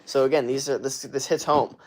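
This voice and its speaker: A man's voice: medium pitch, steady tone, a little fast, darkish tone. A man speaks as an online fitness coach on a casual livestream. He rants bluntly and aggressively, swearing at nearly every turn. His talk is full of fillers and restarts as he answers chat. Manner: profane, blunt, aggressive ranting with many fillers.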